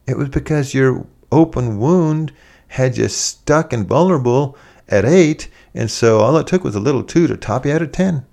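A man preaching a sermon, animated and conversational, acting out quoted voices as he speaks. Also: medium pitch, normal speed, vocal fry.

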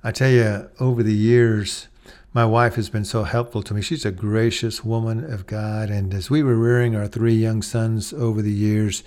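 A middle-aged man preaching a sermon as a pastor. He talks plainly, slows right down to stress key words, and now and then acts out scenes in a raised voice. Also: on the low side, fairly even intonation, darkish tone. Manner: slow, deliberate emphasis on key words; acts out dog-talk and scolding in a raised voice.

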